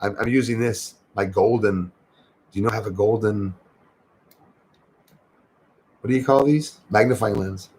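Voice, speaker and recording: Gravelly-voiced man chatting on a livestream. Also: on the low side, normal speed, pauses often, a little mellow, rough recording. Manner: chatty, upbeat, thanks viewers by name. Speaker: livestream host. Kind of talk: casual livestream chat with viewers.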